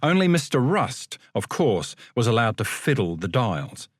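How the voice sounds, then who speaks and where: A man reading a novel aloud as an audiobook narrator, with an expressive storytelling delivery. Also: medium pitch, a little slow, husky, no echo, clean studio sound.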